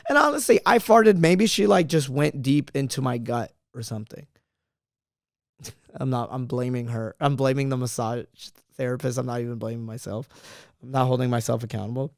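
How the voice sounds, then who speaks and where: A man's voice: a little high, moderate pace, no room sound, studio quality. A young man, a comedian, telling travel stories in a playful, casual way, laughing often. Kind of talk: casual storytelling.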